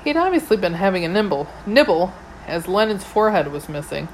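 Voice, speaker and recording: A woman's voice: medium pitch, big pitch swings, fairly quick, a little hiss or hum, poor audio. A woman narrating a novel in the first person, wry and dryly humorous. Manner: wry, dry humour. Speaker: audiobook narrator.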